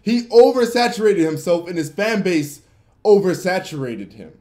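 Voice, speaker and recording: A young man hosting a livestream, ranting with lots of swearing and swinging between yelling and muttering. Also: sits high, lively intonation, moderate pace. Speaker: livestream host. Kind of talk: unscripted livestream rant.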